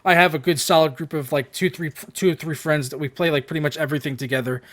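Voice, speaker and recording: A man co-hosting a casual gaming chat, animated and joking, with casual swearing. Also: on the high side, fast, no room sound. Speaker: co-host.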